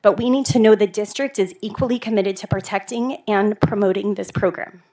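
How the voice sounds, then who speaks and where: A woman's voice: medium pitch, fairly even intonation, brisk, dark tone. Earnest woman pleading at a meeting. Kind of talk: prepared public comment. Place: school board meeting room.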